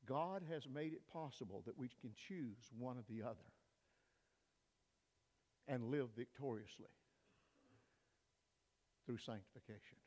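An older man, a pastor, preaching an emphatic sermon in a church, swinging between loud peaks and hushed asides. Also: medium pitch, measured pace, long pauses. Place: church sanctuary. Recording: long reverb of a church hall.

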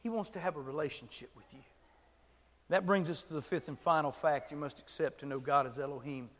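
A man preaching a sermon, telling a story with animated delivery that swells into shouted emphasis. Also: on the high side, brisk. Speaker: pastor. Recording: long hall reverb.

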